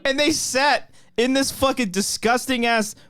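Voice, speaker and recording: A man's voice: very high voice, measured pace, a bit bright, soft background music. A man co-hosting a live show, telling a crude story with heavy swearing. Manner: crude, swearing anecdote-teller. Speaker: podcast co-host.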